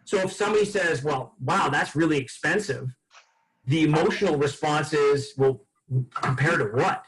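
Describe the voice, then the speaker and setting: Male sales trainer, somewhat high voice, casual storyteller who acts out customer exchanges. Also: normal speed, poor audio. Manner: casual, lively storytelling with acted-out dialogue.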